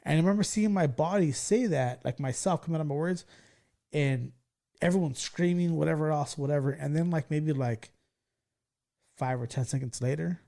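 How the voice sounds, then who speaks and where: A man in his forties from California, hosting a podcast and telling stories in a loose, profane, excitable way. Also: fairly high pitch, normal speed, vocal fry. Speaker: podcast host. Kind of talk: casual storytelling chat.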